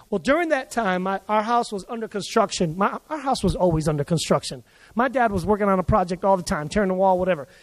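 At a church service, a pastor with a very high-pitched voice preaches a sermon built around a story. He tells it in an animated way, acting out the voices of the people involved, and a long reverb from the large hall follows his words.

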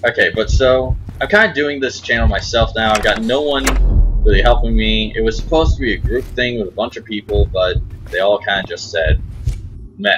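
A man's voice: lowish voice, fairly quick, noisy background. A young man hosting his own gaming channel, giving jumpy, frightened commentary on a horror game and muttering to himself.

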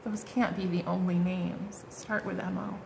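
A woman's voice: lowish voice, little pitch movement, normal speed, gravelly, noisy background. A woman giving a casual tarot card reading, chatty and bubbly, full of fillers and exclamations. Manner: chatty, bubbly, lots of "like" and "oh my God".

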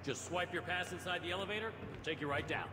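An actor playing a polite male bank security guard with a brisk, routine manner. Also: high-pitched, reverberant, big-room sound, noisy background, close to an everyday voice.

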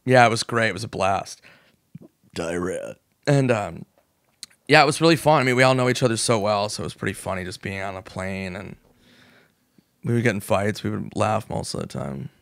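Here the same sort of guest, a U.S. comedian in his forties, tells stories in a podcast studio, swearing liberally and performing quoted voices. His fairly bright, gravelly voice sits on the low side, moving at normal speed with long pauses, in studio-quality sound with no room tone.

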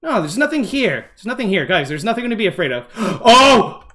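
A young man streaming a game live to his chat, excitable and jumpy, repeating himself in bursts when scared. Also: sits high, fast talker. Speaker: gaming streamer. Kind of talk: live gameplay commentary.

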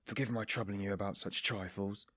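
A man reading an audiobook, voicing a nervous young man who strains to sound calm. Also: medium pitch, normal speed, husky, no room sound, studio quality. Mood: tense. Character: nervous, guarded young man hiding guilt.

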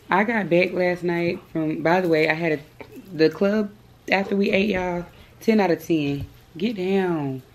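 A young woman in her twenties with a hoarse, worn-out voice, chatting casually to her vlog viewers. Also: low voice, a little hiss or hum. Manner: chatty, storytelling, slangy. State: hoarse, lost voice. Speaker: vlogger.

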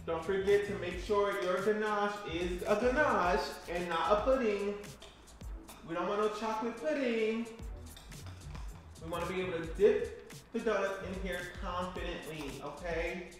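A man's voice: sits high, normal speed, a bit bright. Chatty male baking vlogger who talks straight to his viewers, recorded in an echoey kitchen. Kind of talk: casual cooking chat. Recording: roomy echo, faint music.

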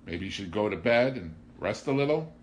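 A man voicing a crafty vagabond who speaks gently and politely, playing innocent. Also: lowish voice, lively intonation, a little fast, slight background noise, pitched above the performer's own voice, natural voice. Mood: sly, polite.

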